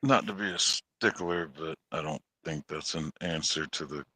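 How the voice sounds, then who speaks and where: A man's voice: a bass voice, normal speed, bright, forceful tone, husky, dry recording. A man in casual chat, teasing and skeptical. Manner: skeptical, joking interjections.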